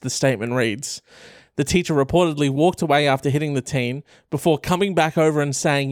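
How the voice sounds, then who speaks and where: Smooth-voiced man joking through an article. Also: on the high side, brisk, dry recording, studio quality. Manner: animated, profane, joking. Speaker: commentator. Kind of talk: comic commentary reading an article.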